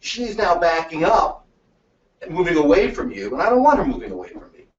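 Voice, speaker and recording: A man giving a webinar talk as presenter, telling stories in a lively way and acting out the dialogue. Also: fairly high pitch, brisk. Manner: lively storytelling, acts out dialogue. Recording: echoey, distant, dull room sound.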